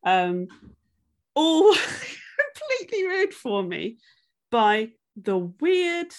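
A woman's voice: sits high, huge pitch swings, very slow. A woman joins a podcast as a guest and talks in an easy, casual way. She tells things with enthusiasm and giggles often. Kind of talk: casual chat.

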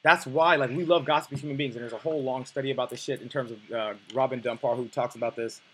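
A man's voice: mid-range voice, steady tone, quick pace, a bit bright, slightly rough, rough recording. A man coaching on dating, teaching in a blunt, profane, emphatic way. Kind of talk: coaching lesson.

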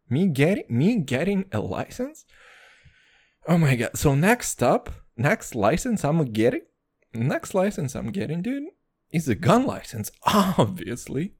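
A young man hosting a casual solo podcast, swearing a lot and dropping "dude" into every sentence, boastful and rambling. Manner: crude, swaggering slang, lots of "dude"; jumps between low mutters and high excited bursts. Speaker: podcast host.

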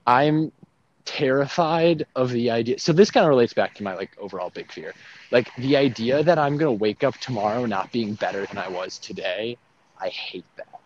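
A man's voice: mid-range voice, moderate pace. A young man in casual faith conversation, talking animatedly with many fillers and laughs, outdoors near traffic. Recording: dull lo-fi sound with faint traffic noise.

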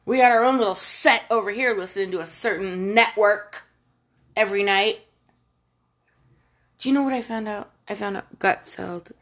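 A woman's voice: medium pitch, normal speed, pauses often, fairly bright tone. Woman ranting, profane and exasperated. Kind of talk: casual political rant.

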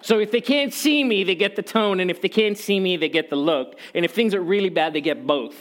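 A man's voice: high-pitched, fairly quick, a bit bright. A man preaching a sermon in a conversational way, telling personal stories with humor and repeating key phrases for emphasis. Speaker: pastor.

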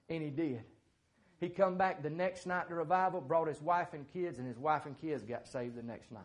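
Man, preacher, high voice, folksy sermon storytelling, plain-spoken. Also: moderate pace. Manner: folksy, plain-spoken, with many filler words.

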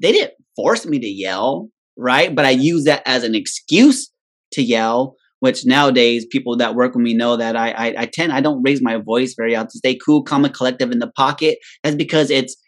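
A man talks at an everyday middle pitch, swapping stories on a podcast. His delivery is loose and rambling, full of profanity and self-amused laughter. He checks in with his listener constantly by asking "right?". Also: normal speed. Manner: rambling, tags nearly every sentence with "right?"; swears freely and laughs at his own story. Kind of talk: casual storytelling chat.

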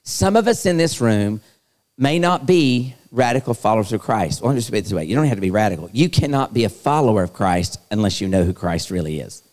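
A man's voice: lowish voice, expressive, brisk, a little mellow. Playful man preaching in a hall. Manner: playful, teasing, talks straight to the crowd. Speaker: youth speaker. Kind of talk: live youth conference sermon. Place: large hall. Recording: long hall reverb.

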